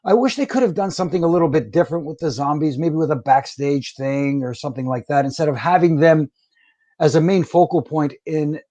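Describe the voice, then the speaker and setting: A man's voice: a little high, fairly quick, warm tone, lo-fi sound. A middle-aged man, a former wrestling referee, talking frankly as a guest in a casual interview, often restarting his sentences. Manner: frank, plainspoken, with frequent restarts.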